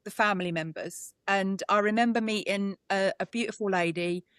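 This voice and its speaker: In a dry recording with no room sound, a British psychic medium appears as an interview guest, her mid-range voice clear, resonant and fairly bright at a moderate pace. She talks with earnest feeling and keeps starting her sentences over.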